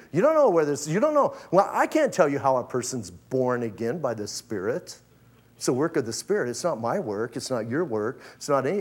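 A man preaching a lively, casual sermon full of slang and acted-out asides. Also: on the high side. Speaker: pastor.

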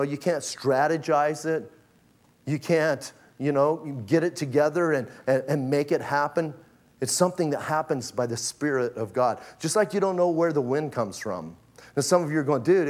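Lively preacher, fairly high voice. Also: male voice. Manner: lively, casual preaching with slang and acted-out asides. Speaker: pastor. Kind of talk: sermon.

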